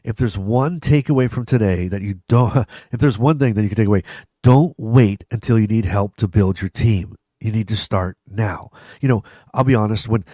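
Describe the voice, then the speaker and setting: A middle-aged man hosts his own vlog. He talks straight to the viewer in a casual, chatty way, often restarting sentences and tossing in asides. His voice is low and mellow, recorded dry and close. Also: moderate pace, dry recording. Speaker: vlog host. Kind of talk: casual talk to camera.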